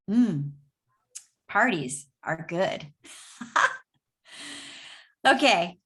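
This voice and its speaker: A woman's voice: medium pitch, fairly bright tone. A woman presenting an upbeat motivational business talk from her home, speaking conversationally and often checking in with "right?". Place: home office.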